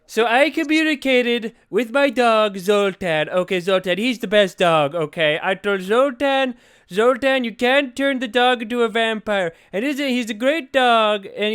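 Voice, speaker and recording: A man's voice: high-pitched, a little slow, fairly bright tone, clean tone, pitched above the performer's own voice. A man putting on an impression of a boastful older male politician, repetitive and emphatic.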